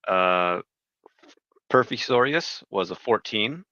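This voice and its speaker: A man's voice: fairly low pitch, lively intonation, takes it slowly, pushed and bright, no room sound. A man playing a tabletop game, reading out his rolls with hesitant fillers. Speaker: player. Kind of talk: casual play at a tabletop game. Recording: dull lo-fi mic.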